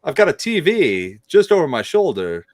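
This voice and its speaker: A stilted, oddly paced celebrity impression, put on by a man on a video call, drifting from one tangent to the next. The pitch lurches up and down, and the sound is dry and close. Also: sing-song, dry recording. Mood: deadpan rambling. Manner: stilted pauses, rambling nonsense tangents.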